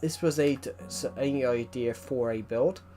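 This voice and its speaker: A man's voice: mid-range voice, moderate pace, dark tone, faint music behind. A man live-streaming a game, chatting casually and rambling with stumbles as he greets viewers. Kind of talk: casual live-stream chat while gaming.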